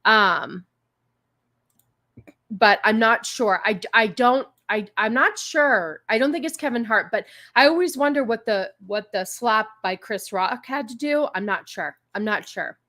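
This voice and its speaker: A woman's voice: a little high, animated, a little slow, bright, forceful tone. A woman co-hosting a casual chat stream, hesitant, with many ums and restarts. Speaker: co-host.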